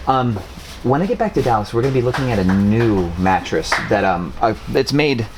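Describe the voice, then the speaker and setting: Speaking at medium pitch and a fairly quick clip, this thirty-something short-term rental host from Wisconsin chats expressively to his camera indoors among stacks of boxes. His talk is loose and meandering, full of ums, in a largely neutral American accent with just a hint of Wisconsin. Noise sits in the background.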